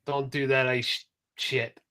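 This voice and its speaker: A man co-hosting a casual podcast, talking in an animated way and swearing freely. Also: mid-range voice, a little slow, smooth. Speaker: podcast co-host.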